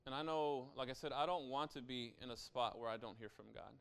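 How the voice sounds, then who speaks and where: Smooth-voiced man preaching conversationally. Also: mid-range voice, a little fast, a bit bright. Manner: conversational preaching with frequent "right?" asides. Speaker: pastor. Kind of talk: sermon.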